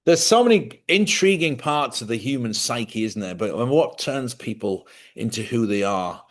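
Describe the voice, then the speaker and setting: A man's voice: medium pitch, animated, moderate pace. A middle-aged man hosting a live stream, telling rambling stories in casual chat. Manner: rambling anecdotal storytelling.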